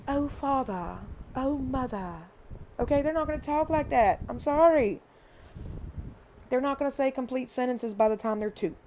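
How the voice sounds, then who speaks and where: Mom vlogger, kinda high voice, earnest and repeats herself a lot, faint hiss behind. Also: female voice, a little mellow. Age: adult parent. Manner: earnest, repetitive, emphatic. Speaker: parenting vlogger. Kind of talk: casual advice monologue.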